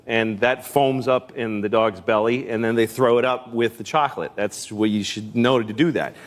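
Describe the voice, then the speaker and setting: A man's voice: medium pitch, steady tone, normal speed. A man doing stand-up comedy and talk show chat, telling crude, blunt, self-mocking stories.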